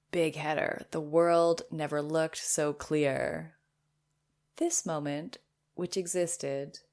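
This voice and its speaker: A woman podcast host reads her old blog post aloud and breaks in with playful, self-amused comments. Her voice sits low and carries a gravelly edge. She talks in an animated, lively way.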